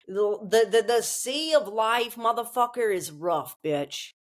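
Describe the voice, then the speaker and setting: A woman's voice: on the high side, animated, unhurried, hardly any pauses. A woman being interviewed, talking casually with emphatic, profane, streetwise delivery. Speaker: interview guest.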